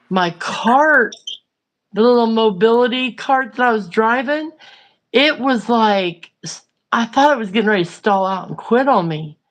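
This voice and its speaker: Chatty woman telling a story. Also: mid-range voice. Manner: chatty, animated retelling with lots of fillers. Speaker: livestream host. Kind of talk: casual storytelling chat.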